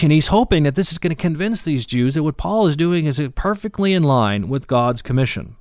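A man's voice: medium pitch, no room sound, clean studio sound. A man teaching a Bible passage verse by verse in a conversational way, stressing key words and reading the text aloud. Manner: conversational, with fillers and restarts, leans into key words.

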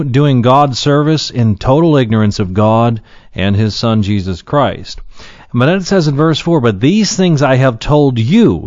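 A man giving an earnest Bible teaching, slowing down to read Scripture aloud and then explaining each verse. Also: medium pitch, darkish tone, no echo, dull audio. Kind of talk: sermon-style Bible teaching.

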